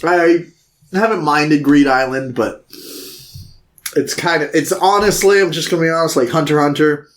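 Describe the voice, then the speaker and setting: A man co-hosting a podcast in casual chat, animated and jokey, sometimes slipping into silly voices. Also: a little high, normal speed. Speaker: podcast co-host.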